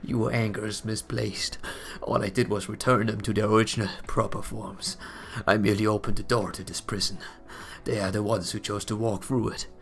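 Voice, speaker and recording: A man reading out a stern older male judge in a game, speaking quietly, slowly and with contempt. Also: fairly low pitch, flat delivery, vocal fry, faint music behind. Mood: cold, scornful.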